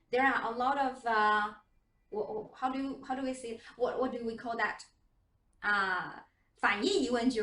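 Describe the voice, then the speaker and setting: A woman's voice: high-pitched, fairly bright tone. A woman English teacher teaching a class. She asks question after question and demonstrates intonation. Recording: echoey room from far off.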